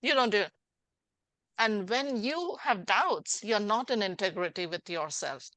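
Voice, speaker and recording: A woman's voice: medium pitch, lively intonation, measured pace, fairly bright tone, dry recording. A middle-aged woman hosting a podcast as a life coach, talking animatedly and acting out little scenes in dialogue. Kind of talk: casual interview chat.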